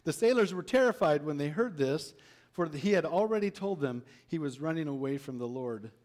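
A man's voice: fairly high pitch, expressive, normal speed, a little mellow. A man preaching a sermon, reading a Bible story aloud and asking his listeners rhetorical questions.

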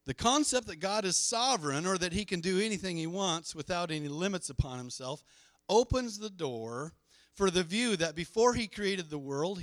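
A man's voice: high-pitched, fairly bright tone, no room sound, studio quality. A middle-aged male pastor preaching a sermon, emphatic and leading the congregation in call-and-response.

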